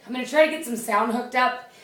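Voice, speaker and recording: A woman leading a home workout, with a loud voice, out of breath as she exercises and counts reps in a chatty way. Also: a little high, quick pace. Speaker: fitness instructor. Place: small indoor room. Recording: echoey room from a distance.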